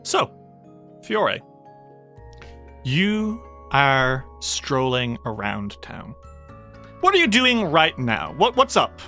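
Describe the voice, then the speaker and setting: A game master narrates a tabletop roleplaying session in a relaxed, meandering way with plenty of fillers. The delivery is slow but the pitch moves a lot. The tone is bright, and soft music plays underneath.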